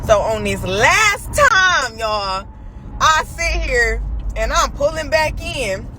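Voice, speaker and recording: A young woman telling a personal story in casual, animated, slang-heavy talk. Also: sits high, slow pace, very noisy.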